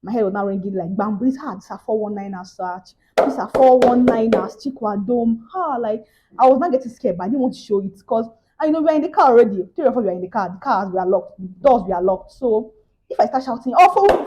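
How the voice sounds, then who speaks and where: Animated young Nigerian woman telling a story. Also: fairly high pitch. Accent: Nigerian English. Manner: animated, swings between loud exclamations and hushed asides. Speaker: vlogger. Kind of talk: casual storytelling to camera.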